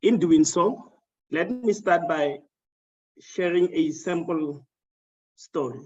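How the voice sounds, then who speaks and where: A man's voice: a little high, darkish tone, lo-fi sound. Man moderating a panel. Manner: measured, formal storytelling. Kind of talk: hosting an online panel.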